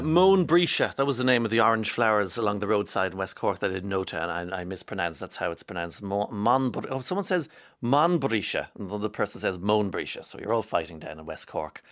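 A man's voice: lowish voice, brisk, fairly bright tone. An Irish man hosting a radio show, chatting casually and reading out listeners' texts with wry asides.

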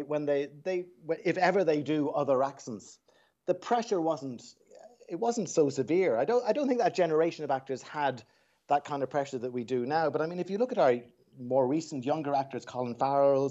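A man's voice: on the high side, dark tone, dull audio. An Irish man, a dialect coach, telling anecdotes as a radio guest in a reflective way with frequent restarts.

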